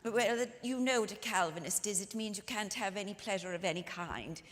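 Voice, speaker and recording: A woman's voice: medium pitch, a little fast, a bit bright, natural voice. A woman storyteller playing the ghost of a 19th-century woman author, speaking theatrically to a live audience with lingering emphasis. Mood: earnest. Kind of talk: one-woman historical storytelling performance. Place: church sanctuary with live audience. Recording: long reverb of a large church hall.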